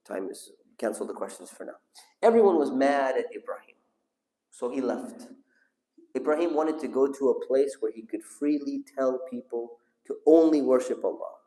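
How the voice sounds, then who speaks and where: A man's voice: mid-range voice, mellow. Man teaching a class in an echoey hall. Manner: asks the audience questions and calls on listeners. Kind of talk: storytelling religious lesson with audience questions. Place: mosque hall.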